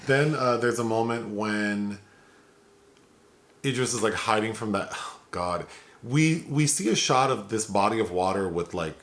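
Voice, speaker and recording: A man's voice: lowish voice, unhurried, a bit bright. Chatty man reviewing a film. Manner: chatty, laughs at the film, many fillers. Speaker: film review podcast host. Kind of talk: casual chat.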